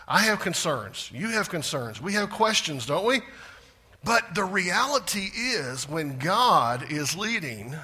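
Guy preaching a sermon, high pitched and husky, loud then real quiet. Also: lively intonation, a little slow. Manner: preaching with big swings in pitch and loudness; drops to a hushed voice for emphasis. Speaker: pastor.

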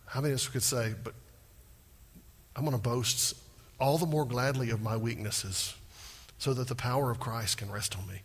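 A pastor preaching a sermon with animated delivery, acting out prayers in a rising voice. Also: male voice, medium pitch, a little fast, husky, in a large hall.

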